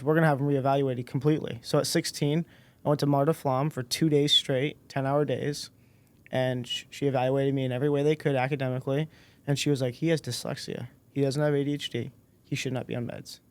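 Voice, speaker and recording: Young male podcast guest, mid pitch, dry close mic, easygoing storyteller. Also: brisk, dry recording. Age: 20s. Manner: relaxed storyteller, acts out quoted dialogue. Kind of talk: casual storytelling interview.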